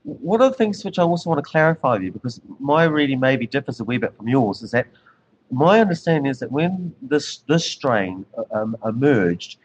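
A man with a New Zealand accent hosting an interview, talking quickly and in a rush. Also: mid-range voice, sing-song, muffled recording, slight background noise. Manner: rapid, rushed talker. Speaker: radio show host.

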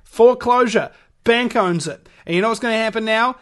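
A man hosts his own radio show, and his voice sits high for a man. He rambles through a heated rant, stumbling over restarts and fillers as he gets worked up. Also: fairly quick. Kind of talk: ranting monologue.

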